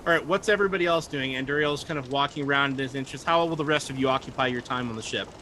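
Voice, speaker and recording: A man's voice: medium pitch, rapid-fire, pushed and bright, a little hiss or hum. A man narrating as game master of a tabletop game, rambling through scenes with many fillers.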